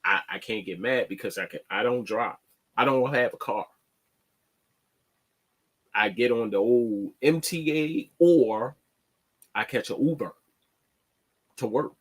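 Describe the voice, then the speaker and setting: Man, unhurried and plainspoken, stumbles and restarts as he talks his opinion on his show. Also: mid-range voice, husky. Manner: halting, repeats words and restarts often; plainspoken, slangy. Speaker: online show host. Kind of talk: casual commentary monologue.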